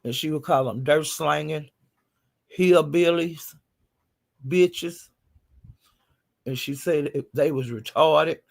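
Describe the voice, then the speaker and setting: A man's voice: fairly high pitch, fairly even intonation, normal speed, gravelly, hardly any pauses. A man hosting a casual chat, bluntly retelling online drama in a chatty, gossiping way. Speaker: host recapping livestream drama.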